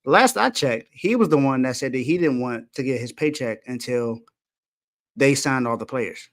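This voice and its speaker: A man's voice: medium pitch, moderate pace. Emphatic man arguing a sports point. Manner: builds a case point by point, emphatic. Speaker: sports podcast co-host. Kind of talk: casual sports talk.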